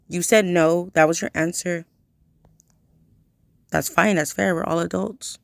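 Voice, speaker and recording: A woman's voice: on the low side, fairly even intonation, measured pace, vocal fry, long pauses, no echo. A woman in her late twenties, ranting straight at her listener in a heated, profane way. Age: late 20s. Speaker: vlogger. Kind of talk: angry direct-to-camera rant.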